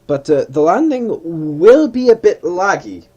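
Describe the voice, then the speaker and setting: A man's voice: sits high, very animated, unhurried, a little mellow, dull audio. A man giving casual commentary while playing a flight simulator, thinking aloud and correcting himself as he goes.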